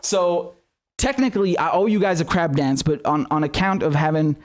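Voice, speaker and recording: A man's voice: on the high side, moderate pace. A man hosting his own independent news show, thanking his viewers in a casual, earnest way while running short on sleep. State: tired from lack of sleep. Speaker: independent journalist host. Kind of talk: casual direct-to-camera outro.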